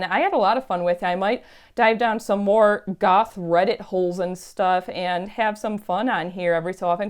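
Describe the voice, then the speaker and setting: A woman's voice: medium pitch, darkish tone, clear, resonant tone. A woman telling stories in a chatty, emphatic way on her casual vlog. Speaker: YouTube vlogger.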